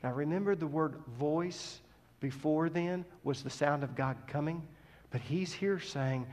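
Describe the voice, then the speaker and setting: A man preaching a sermon. He teaches scripture with emphatic stresses that drop to soft asides. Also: fairly high pitch, measured pace. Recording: long reverb of a large hall.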